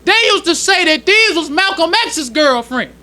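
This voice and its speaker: High, bright-voiced male minister preaching. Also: lively intonation. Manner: preaching in casual street-level speech, slowing to read quoted passages. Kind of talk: sermon teaching. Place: temple congregation hall.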